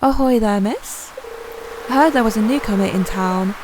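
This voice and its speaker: A woman's voice: a little high, normal speed, background noise, natural voice. Woman reading as a hearty old fisherman. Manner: stumbling over the read lines.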